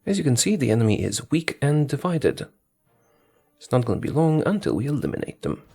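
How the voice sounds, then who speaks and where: A man's voice: medium pitch, big pitch swings, brisk, creaky, warm tone, breathy edge, faint music behind. A man giving casual commentary on his strategy game, thinking aloud, talking to his units and correcting himself as he goes.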